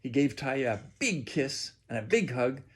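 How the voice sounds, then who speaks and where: A man reading a children's storybook aloud with expressive, drawn-out delivery. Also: medium pitch, slightly rough.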